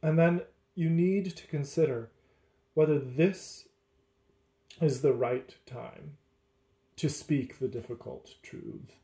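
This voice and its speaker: A man who teaches, talking through faith and relationships in a measured, deliberate way. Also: fairly high pitch, mellow, reverberant. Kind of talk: casual faith discussion.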